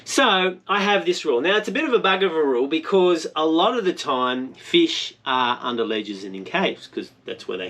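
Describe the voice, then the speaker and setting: Joking Australian man with a lively voice. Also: fairly high pitch. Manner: rambling, jokey, self-mocking. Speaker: spearfishing vlogger. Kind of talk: joking vlog narration.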